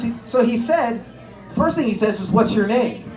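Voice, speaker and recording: A man doing an animated stand-up comedy set, telling stories with incredulous acted-out bits. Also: extremely high pitch, normal speed, music in the background. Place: comedy stage before a live audience. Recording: echoey room.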